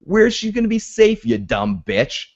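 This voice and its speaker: A man's voice: high-pitched, very animated, unhurried, gravelly. Man animatedly acting out TV scenes. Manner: retells scenes by acting out characters' lines. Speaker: podcast host. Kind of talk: casual TV recap chat. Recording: dull lo-fi podcast audio.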